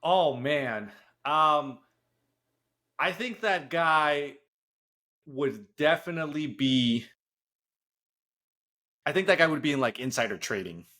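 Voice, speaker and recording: Animated young guy on a sports podcast. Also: on the high side. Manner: animated, jokey storytelling with quick bits of mimicry. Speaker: podcast co-host. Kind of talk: casual sports chat.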